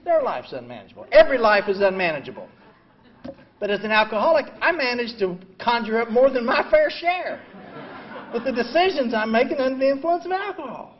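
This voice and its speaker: An older man in his seventies sharing his story at a recovery meeting. He is blunt and self-mocking, says "you know" constantly, and swings between quiet reflection and loud outbursts. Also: extremely high pitch. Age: 70s. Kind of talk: personal recovery talk. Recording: dull lo-fi recording.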